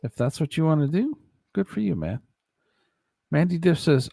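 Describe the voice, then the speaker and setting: A man's voice: fairly high pitch, normal speed, gravelly, pauses often, dry recording, clean studio sound. A man hosting a casual show, reading out viewer comments and joking with his guests, laughing often. He is from Ohio. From Ohio, USA. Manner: jokey, laughs often, animated. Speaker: host.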